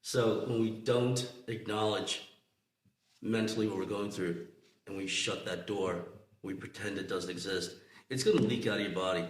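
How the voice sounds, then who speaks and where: A man explains calmly, often checking that his listeners agree. His voice sits low. He is heard in an echoey room. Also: moderate pace. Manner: explaining, calm, asks for agreement. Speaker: podcast co-host. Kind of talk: casual explanatory talk.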